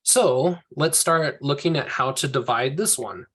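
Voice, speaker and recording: A man's voice: mid-range voice, measured pace, fairly bright tone, slightly rough. A man teaching a class from slides, explaining each step patiently and thinking aloud as he works.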